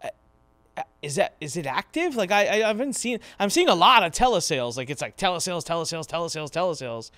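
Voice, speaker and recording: Animated man with a smooth, higher voice. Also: quick pace, dry recording. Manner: animated and enthusiastic, repeats words. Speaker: podcast host. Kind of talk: casual podcast chat.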